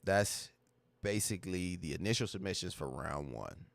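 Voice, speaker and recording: Candid, low-voiced man talking to his livestream. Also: animated, moderate pace, gravelly, no echo. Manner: candid, emotional, slangy and repetitive. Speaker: livestream host. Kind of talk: casual livestream talk.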